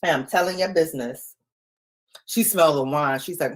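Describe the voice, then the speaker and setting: A woman in her forties chatting casually with live viewers from home, playful and quick to laugh. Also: sits low. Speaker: livestream host.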